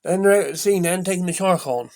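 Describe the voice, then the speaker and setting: A man's voice: high voice, fast talker. Rambling, enthusiastic man retelling a film. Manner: rambling, enthusiastic, repeats himself and breaks off mid-sentence. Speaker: film reviewer.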